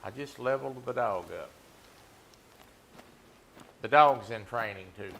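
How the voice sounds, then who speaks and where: A man's voice: mid-range voice, measured pace, vocal fry, fairly bright tone. A man streaming a hunting game, chatting and teasing viewers in a laid-back way. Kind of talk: casual gameplay chat with viewers.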